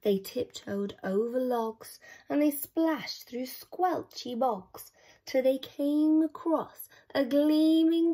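A woman reading a rhyming children's picture book aloud, with rhythmic, expressive delivery. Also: high voice, takes it slowly. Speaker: storyteller.

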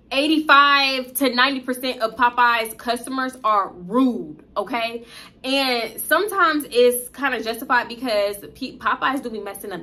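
A young woman in her twenties telling a casual, profane work story in an animated, chatty way. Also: fairly high pitch.

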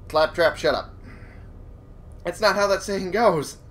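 A man's voice: sits high, a little slow, fairly bright tone. A man giving casual let's play commentary, swearing and chuckling to himself. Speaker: gamer.

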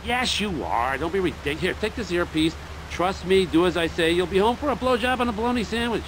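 A smug, glib agent. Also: male voice, high-pitched, lively intonation, quick pace, noisy background. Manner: glib, sarcastic and commanding. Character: smug, manipulative male government agent.

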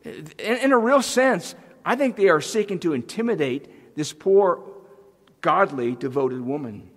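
A man's voice: fairly high pitch, expressive, unhurried, long reverb tail. A man preaching a sermon as pastor, earnest and emphatic, building intensity as he goes. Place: church sanctuary.

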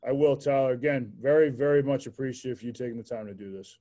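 A man's voice: medium pitch, fast, dark tone. A man hosting a podcast interview, chatting casually and enthusiastically, leaning on "like" as he talks. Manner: rambling, heavy use of "like", enthusiastic. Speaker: podcast host.

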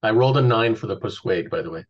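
A man playing a tabletop game, talking in halting, stammering restarts. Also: on the low side, expressive, lo-fi sound. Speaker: player. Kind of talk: casual tabletop play chat.

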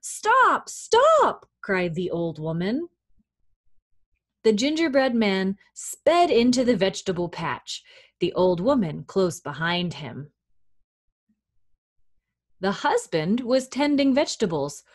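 A woman children's librarian reading a picture book aloud at storytime, gentle and encouraging toward young children. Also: medium pitch, very animated, slow, pauses often.

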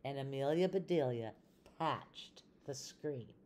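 An older woman, a retired teacher, reading a children's storybook aloud in a gentle, expressive way. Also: a bass voice, slow, a little hiss or hum.

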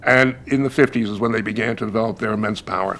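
A man in his seventies from the United States, a novelist reflecting on his past in a measured documentary interview. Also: on the low side, fairly even intonation, heavy background noise. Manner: gravelly, measured, stopping to restart.

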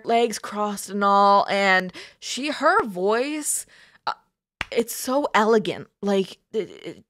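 A woman hosting a reaction video, talking casually in excitable, exclamatory bursts and gushing asides. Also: mid-range voice, dry recording, studio quality.

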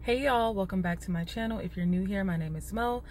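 A woman's voice: mid-range voice, brisk, a little hiss or hum. A young woman with a Chicago accent, chatting to the camera in a casual vlog while sitting in her car and holding her phone. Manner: chatty, talks straight to camera, says y'all often. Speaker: vlogger. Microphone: phone held at arm's length.

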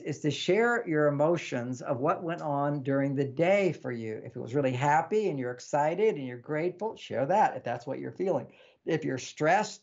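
This interview guest, an author, has a slightly high, creaky voice, and the recording sounds muffled. He teaches as he talks, repeating lists, and gets animated, performing bits of dialogue.

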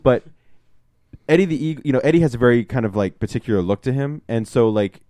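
A man's voice: mid-range voice, animated, fast, mellow, no echo, studio quality. A young man hosting a podcast, reviewing a movie in casual, rambling chat full of fillers, restarts and swearing. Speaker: podcast host.

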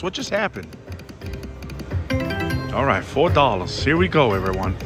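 A man playing slots on a casino floor, giving excitable running commentary and calling out to his viewers and his mom. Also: medium pitch, moderate pace. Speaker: casino slot vlogger. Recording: casino floor with loud music. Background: slot machine music.

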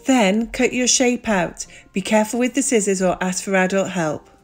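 A woman presenting a children's craft and breathing session, speaking warmly and directly to the children. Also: medium pitch, moderate pace, faint music behind. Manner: warm, lively, addresses children directly. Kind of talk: friendly children's activity lesson.

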